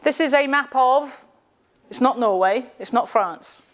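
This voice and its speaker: A woman's voice: high-pitched, measured pace. A woman giving a classroom lecture with jokes, sarcastic and quizzing her audience in a room. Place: indoor room with a live audience.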